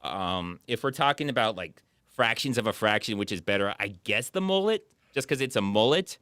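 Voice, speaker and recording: Lively chatty man, close and dry. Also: lowish voice, brisk, clear, resonant tone, dry recording. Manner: animated, rambling, frequent fillers. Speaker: podcast co-host. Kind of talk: casual chat.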